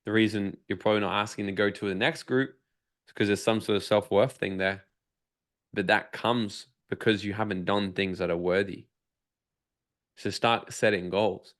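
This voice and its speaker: A man's voice: fairly low pitch, steady tone, normal speed, a bit bright. A man telling a personal story as a podcast guest, swearing freely, acting out his own inner dialogue and turning it into motivational advice. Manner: profane, emphatic motivational storytelling. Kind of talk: casual storytelling interview.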